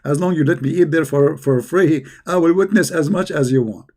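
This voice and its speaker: A man hosting a casual livestream, talking in a mocking, animated way with quick asides. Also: on the high side. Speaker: host.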